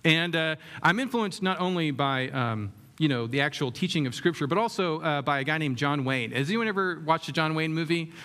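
A man's voice: a little high, expressive, a little fast, few pauses, a bit bright. A man preaching a sermon in a conversational way, often asking the room questions and using many fillers. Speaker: pastor.

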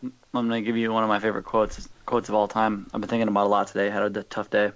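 A man co-hosting a podcast, casually telling animated stories and mimicking people. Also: fairly low pitch, rapid-fire. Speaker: podcast co-host. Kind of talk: casual chat. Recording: dull lo-fi audio.

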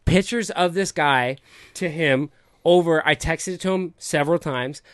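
A man's voice: fairly high pitch, a little slow, clean tone, no room sound, clean studio sound. A young man co-hosting a podcast, rambling through a story in casual chat and often stumbling over his words. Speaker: podcast co-host.

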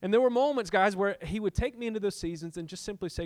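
A man's voice: high voice, fast talker, few pauses, a little mellow, no echo. A middle-aged man preaching a sermon as pastor, telling a personal story and acting out his arguments with God, building to impassioned peaks.

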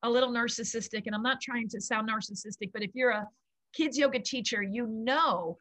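A middle-aged woman, a yoga founder, tells stories in an animated, gushing way and laughs often. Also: fairly high pitch, a little fast, no echo. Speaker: guest, kids yoga founder. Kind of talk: casual storytelling interview.

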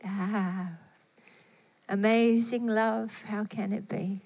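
A woman preaching a sermon with fervent delivery, rising to emphatic peaks and falling to hushed, soft phrases. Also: mid-range voice, steady tone, extremely slow. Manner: fervent, swelling and dropping to soft tones. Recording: long hall reverb.

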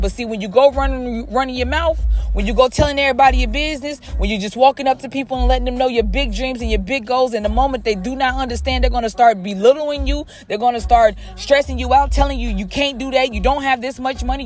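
Emphatic motivational woman with soft music. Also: fairly high pitch. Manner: emphatic, repeats phrases, addresses listener as friend. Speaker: podcast host. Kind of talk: motivational monologue.

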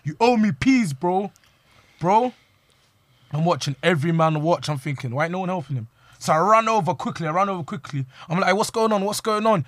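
A man's voice: on the high side, lively intonation, a little fast, dry recording. A young man, animatedly telling a street story to friends and acting out the quotes. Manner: slangy, acts out quoted lines.

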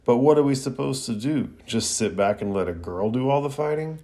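A man's voice: medium pitch, expressive, a little fast, dark tone, natural voice. An irritated, lazy teenage ninja boy from an anime, dry and snippy, read aloud by a man. He sounds fed up rather than afraid. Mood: annoyed.

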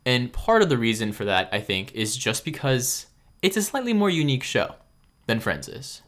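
A man's voice: medium pitch, sing-song, normal speed, a bit bright. A young man co-hosting a podcast, chatting casually with lots of fillers and slang. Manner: loose, filler-heavy, slangy banter. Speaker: podcast co-host. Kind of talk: casual chat.

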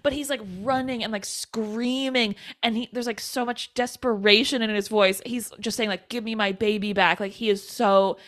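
A woman's voice: fairly high pitch, fairly even intonation, normal speed, few pauses, fairly bright tone, no room sound, studio quality. A woman co-hosting a podcast, giving a playful, casual recap of a horror film's plot. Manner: playful and laughs easily, walks through plot beats. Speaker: podcast co-host.

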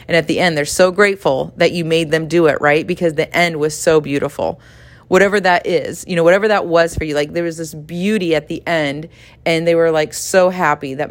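A middle-aged woman, teaching a devotional in a chatty, animated way, acting out little dialogues. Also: low voice, brisk. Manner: conversational, animated, acts out dialogue, laughs often. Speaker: podcast host and Bible teacher.

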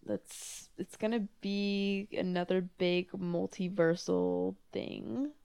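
A young woman co-hosts a casual podcast in a home office, with a gravelly but smooth voice that sits a little low. She talks in a chatty, sarcastic way, laughing often, with plenty of fillers. The sound is dry and close. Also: takes it slowly, hardly any pauses, a little mellow, no echo. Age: young adult. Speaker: podcast co-host. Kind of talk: casual chat. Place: her father's home office, indoors.

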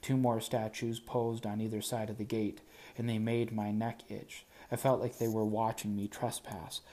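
Low-voiced man reading an audiobook. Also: flat delivery, normal speed, warm tone. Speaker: audiobook narrator. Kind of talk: audiobook narration in first person.

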